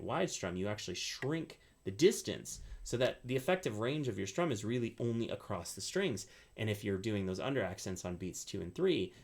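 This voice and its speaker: Ukulele teacher, man, low voice, counts beats aloud and explains strumming technique. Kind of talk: instructional tutorial. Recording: loud ukulele playing behind the voice.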